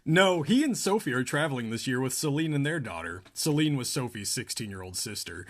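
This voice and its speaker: A man's voice: medium pitch, lively intonation, brisk, fairly bright tone. A man co-hosting a podcast, reading a novel aloud and often breaking off to laugh and joke. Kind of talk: casual chat and comic read-aloud.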